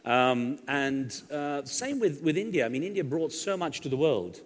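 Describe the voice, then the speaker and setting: A man's voice: on the high side, sing-song, moderate pace. A middle-aged man, a guest journalist on stage, telling anecdotes and jokes in a chatty way. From England. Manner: chatty, joke-telling storyteller. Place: large stage hall. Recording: long reverb of a stage hall.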